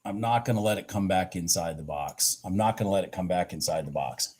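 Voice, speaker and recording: A man hosting a live trading stream, urging his trades on, swearing at the chart and then slowly talking through his morning and setups. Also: low-pitched, darkish tone, slightly rough. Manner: slow, rambling and candid when explaining. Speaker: futures trading livestream host.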